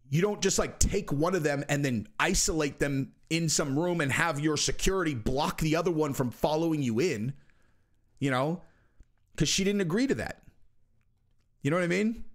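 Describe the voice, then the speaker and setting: Blunt, exasperated male commentary host. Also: on the high side. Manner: blunt, exasperated, repeats rhetorical questions; jumps to shouting in outbursts. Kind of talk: animated commentary rant.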